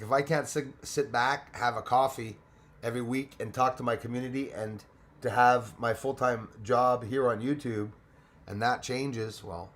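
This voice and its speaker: A man's voice: mid-range voice, fairly bright tone. A middle-aged man from Canada hosting a casual live stream, greeting viewers by name and sometimes switching into French.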